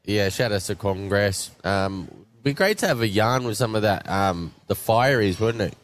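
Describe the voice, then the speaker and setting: A man's voice: lowish voice, animated, moderate pace. A man with an Australian accent hosting a casual outside radio broadcast, laid-back and slangy. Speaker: radio host. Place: shed at an outdoor showground.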